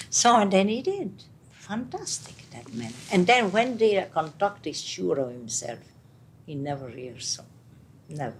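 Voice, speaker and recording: An older woman with an Italian accent, speaking as an interview guest in a casual, animated way, with halting English and many restarts. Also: on the low side, a little hiss or hum. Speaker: interviewee, retired opera singer. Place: home apartment.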